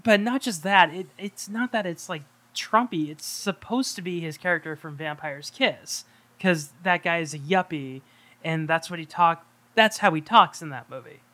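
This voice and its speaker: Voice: mid-range voice, moderate pace, sharp tone. Podcast co-host talking movies, mid-range voice, laid back, jumps in a lot. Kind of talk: casual film review chat.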